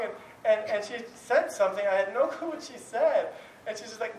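A Bible teacher with a high-pitched, expressive voice talks quickly and informally to his class, candid and chatty, often chuckling and restarting his sentences. The mic is distant in a roomy space, with faint background noise.

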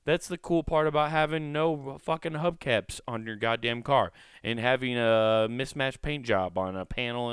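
A man's voice: medium pitch, clear, resonant tone, no room sound, studio quality. A man hosting his own podcast in a rambling, profane way, often restarting his sentences as he talks from a small recording room. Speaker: podcast host. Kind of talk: casual solo podcast monologue.

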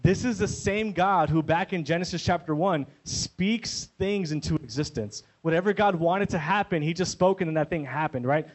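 A young man preaches in a relaxed, conversational way. He keeps checking in with his listeners through quick "right?" tags. His voice sits a little high for a man. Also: poor audio. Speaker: pastor. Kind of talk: sermon.

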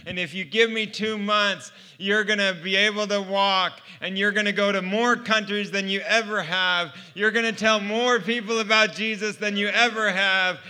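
A man's voice: high voice, pushed and bright, smooth. A man voicing a stocky, strong male physical therapist who speaks in firm, coaching promises.

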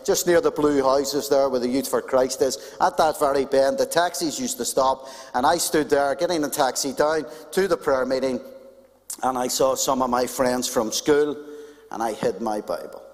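A man preaching a sermon as a pastor, animated and conversational with touches of humor, in a church. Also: medium pitch, moderate pace. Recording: long hall reverb.

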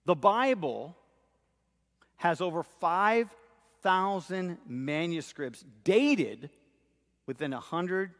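A man's voice: high voice, lively intonation, takes it slowly, pauses often, big-room sound. A man preaching a sermon as pastor, emphatic and full of rhetorical questions.

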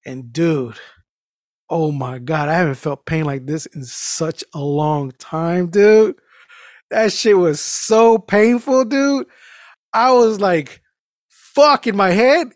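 A man's voice: fairly high pitch, slow, no room sound, clean studio sound. Profane, rambling man telling stories. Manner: loose and profane, peppers talk with "dude"; animated storytelling with many restarts. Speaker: podcast host. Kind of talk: casual chat, rambling anecdote.

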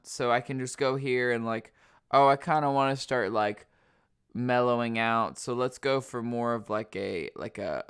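A man with a stuffy nose talks solo on his podcast in loose, rambling chat, leaning on fillers. His voice is smooth and clean. The sound is close and dry. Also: mid-range voice, a bit bright, dry recording. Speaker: podcast host.

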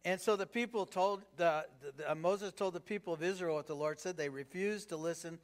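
A man with a notably high voice preaching a sermon. He talks conversationally, tossing rhetorical questions to the congregation and leaning on "you know" between thoughts. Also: fairly quick. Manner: peppered with "you know" fillers. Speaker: pastor.

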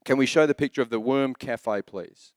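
A man's voice: mid-range voice, moderate pace, no echo, clean studio sound. A man in his thirties preaching a sermon as pastor, telling jokey stories in a chatty way. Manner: chatty, joking storyteller.

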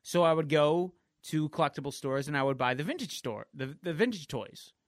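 A man's voice: on the high side, a little fast, no room sound, studio quality. A man co-hosting a podcast in casual chat, rambling and swearing often. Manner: profane, rambling, animated. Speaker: podcast co-host.

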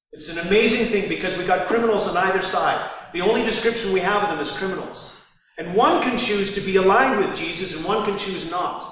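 A man's voice: sits high, fairly bright tone. A man preaching a sermon, acting out the mockers' lines with sarcasm. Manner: acts out the mockers' voices with sarcasm. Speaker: pastor. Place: large echoing hall. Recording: distant mic in a reverberant hall.

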